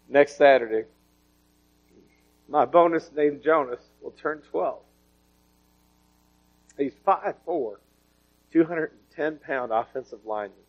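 A man's voice: fairly high pitch, gravelly. A man, preaching a sermon full of personal testimony and told in a folksy, storytelling way. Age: 40s. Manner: folksy storytelling with laughter and swings in volume. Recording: dull lo-fi recording.

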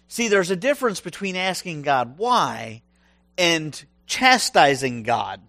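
Animated high-voiced male preacher. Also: slow, no room sound. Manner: animated, humorous, acts out biblical voices. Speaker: pastor. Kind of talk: sermon.

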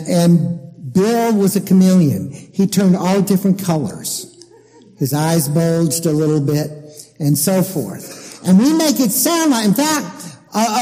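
A man preaching a sermon as pastor, emphatic and deliberate as he explains scripture. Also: high voice, warm tone, in a large hall, rough recording.

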